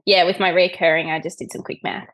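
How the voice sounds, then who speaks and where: A woman's voice: lowish voice, level tone, fast talker, fairly bright tone. An Australian woman with an Australian accent, chatting casually on a group coaching call, full of fillers and slang. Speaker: online coach on a mastermind call. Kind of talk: casual chat.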